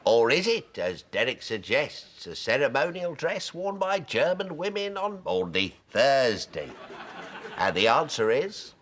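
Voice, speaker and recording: A chirpy quiz host played by a man with a sing-song delivery. His mid-pitched voice swoops up and down, with a little faint noise behind it. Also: very animated, unhurried, hardly any pauses, fairly bright tone. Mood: jaunty. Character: chirpy game show host. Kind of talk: sketch comedy.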